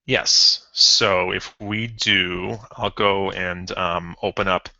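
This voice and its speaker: Brief: a man coding live, bright, slow, thinking aloud, lo-fi dry mic. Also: sits low, fairly even intonation, vocal fry, no room sound. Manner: thinks aloud with many ums and self-corrections; chuckles at odd results. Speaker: programmer streaming a coding session. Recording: dull lo-fi stream audio.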